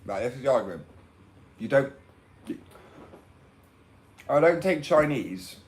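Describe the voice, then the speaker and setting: A man's voice: mid-range voice, lively intonation, normal speed, long pauses, poor audio. A young man with an English accent, talking in a brash, rambling casual rant and swearing freely. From England.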